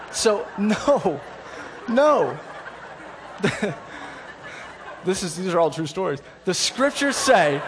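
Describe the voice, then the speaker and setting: High-voiced man preaching with humor. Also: fairly bright tone. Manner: conversational with self-deprecating humor and laughter; earnest, emphatic repetition. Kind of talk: sermon.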